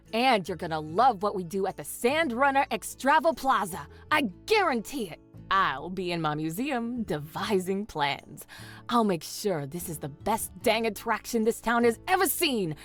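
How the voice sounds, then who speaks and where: A woman's voice: mid-range voice, fairly bright tone. A woman voicing an eager game character who plans a town attraction, talking with upbeat, salesy enthusiasm.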